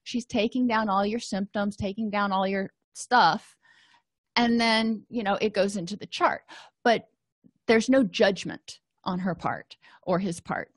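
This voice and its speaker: Woman counselor, mid-pitched, chatty teaching tone, dry close recording; lecture voice-over. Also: fairly even intonation, measured pace, no room sound. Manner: conversational, explains with everyday examples and quoted self-talk. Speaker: counselor and trainer. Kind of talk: educational lecture on therapy.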